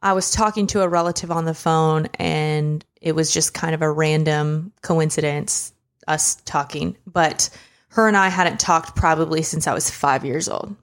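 A young woman with a low voice talks at a normal pace and keeps her intonation fairly even. She co-hosts a podcast and shares a personal story in casual chat that is candid, emotional and conversational.

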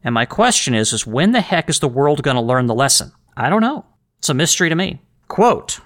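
A man delivers an opinionated history podcast monologue. His voice is bright and forceful, and his delivery is emphatic and rambling, full of restarts and asides. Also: medium pitch, very animated, normal speed. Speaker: podcast host.

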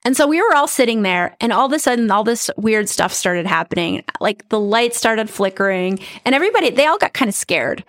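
A middle-aged woman who hosts a podcast as a medium, telling personal stories in a chatty, animated way. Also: on the high side, a little fast, hardly any pauses. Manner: chatty, animated, says right and you guys. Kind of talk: casual storytelling.

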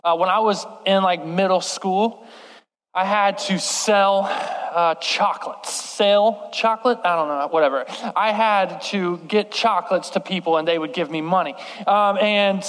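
A young man preaching and telling a self-deprecating story in an animated way, acting out the voices of the people in it. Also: high voice, measured pace. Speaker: youth preacher. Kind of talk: storytelling sermon. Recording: long reverb in a large hall.

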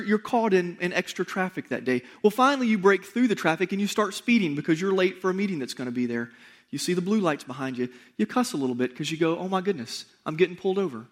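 A pastor delivering a sermon in a conversational way, speaking straight to the congregation with rhetorical questions and emphatic repetition. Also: male voice, sits high.

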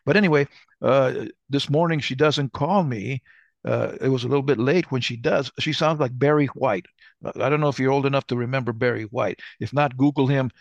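Gravelly older man telling rambling stories. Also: medium pitch, brisk, no echo, highs cut off. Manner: rambling, self-correcting storyteller. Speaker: podcast co-host. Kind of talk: casual conversation.

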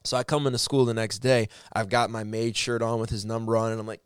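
A man's voice: mid-range voice, steady tone, brisk, hardly any pauses, clear, resonant tone, no room sound, clean studio sound. A man telling a personal story to his viewers in a casual, heartfelt way, rambling and correcting himself as he goes. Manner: rambling, with frequent restarts and self-corrections; earnest and encouraging.

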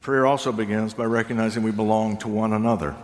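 An older man preaching a sermon, reflective and unhurried, with touches of gentle humor. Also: fairly low pitch, steady tone. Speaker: pastor. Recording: long reverb of a large hall.

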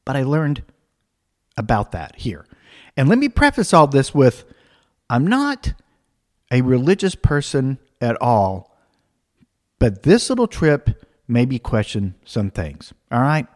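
Lively man telling a funny story. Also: medium pitch, slow, pauses often. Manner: animated, acts out voices and laughs while telling. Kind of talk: comic personal anecdote.

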